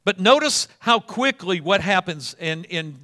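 A man preaching a sermon with a fairly high, bright voice. He retells scripture as a lively story and acts out the scenes as he goes. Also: unhurried. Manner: animated storytelling, acting out scenes.

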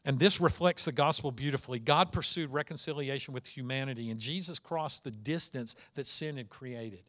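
A pastor preaching a sermon in a conversational way, with restarts, and rising to emphasis at times. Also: male voice, medium pitch, normal speed, fairly bright tone.

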